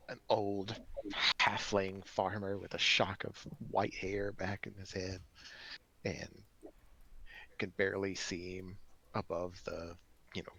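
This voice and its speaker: Man, game master, deep voice, creaky, laid-back tabletop narration. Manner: relaxed, rambling narration with fillers.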